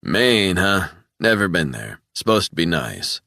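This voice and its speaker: A man's voice: low voice, very animated, a little slow, bright, forceful tone, dry recording, clean studio sound, full character voice. A man voicing a burly, red-faced former police officer who swears and talks in a heated, raised voice. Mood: worked up.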